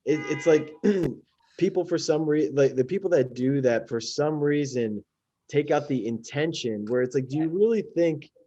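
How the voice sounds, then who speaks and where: A man's voice: a little high, normal speed, dark tone, lo-fi sound, a little hiss or hum. A male comedian in casual podcast chat, talking things through in a conversational way. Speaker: comedian guest.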